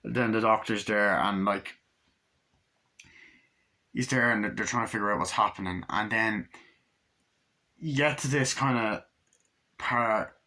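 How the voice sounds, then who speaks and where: A man giving a casual, rambling movie review, excitable and full of profanity. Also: fairly low pitch, unhurried, pauses often.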